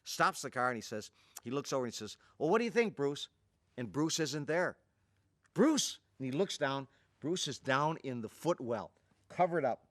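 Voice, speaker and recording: Older man telling a lively anecdote. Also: normal speed, no room sound, clean studio sound. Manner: lively, animated, voices quotes at a much higher pitch. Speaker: martial arts instructor telling an anecdote. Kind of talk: storytelling, acting out quotes.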